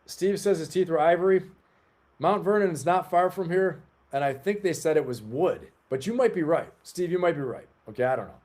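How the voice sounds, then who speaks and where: Guy in his 40s running a livestream, mellow voice, rambles and chats with viewers. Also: a little high, expressive, brisk. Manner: rambling, chatty, talks to the chat. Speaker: livestream host. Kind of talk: casual live-stream chat.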